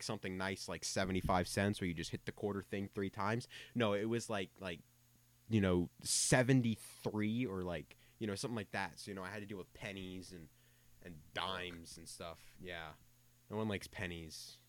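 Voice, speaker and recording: A man's voice: low voice, dry recording. Young male co-host, chatty storyteller, dry close mic. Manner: rambling, self-interrupting, frequent repeated words. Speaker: podcast co-host. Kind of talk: casual anecdote storytelling.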